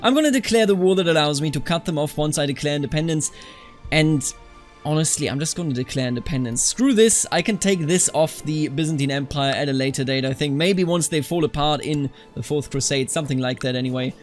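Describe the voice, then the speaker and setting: A young man with a fairly high voice narrates his strategy game in a loose, chatty way. He swings into mock fury and scolds the characters on screen. Soft music plays underneath. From Germany. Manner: animated, quick to mock outrage, talks to game characters. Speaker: strategy game let's-player. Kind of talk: casual gameplay commentary.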